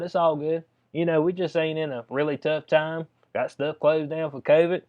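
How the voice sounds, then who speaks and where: A man's voice: a little high, normal speed, hardly any pauses. A man giving casual spoken commentary, reading a letter aloud and reacting in a drawling, conversational way. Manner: drawling, conversational, addresses listener as "bud". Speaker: video commentator. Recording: dull lo-fi sound.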